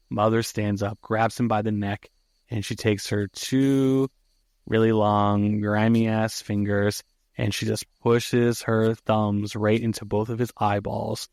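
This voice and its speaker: A man on a podcast loosely retelling a film plot, with swearing and frequent "uh"s and "like"s. His voice is low, and the recording is dry and close with no room sound. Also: darkish tone, no room sound. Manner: casual, profane, many fillers. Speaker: podcast host. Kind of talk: casual movie recap.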